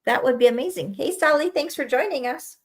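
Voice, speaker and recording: A woman's voice: high-pitched, expressive, brisk. A woman co-hosting a casual live chat, asking questions and giving brief, encouraging replies.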